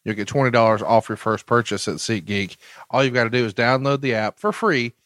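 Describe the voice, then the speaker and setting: A man hosting a wrestling podcast, telling deadpan jokes and reading the sponsor spots. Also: medium pitch, fairly quick, dry recording. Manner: dry, joking, reads sponsor ads. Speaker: podcast host. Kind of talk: casual podcast chat.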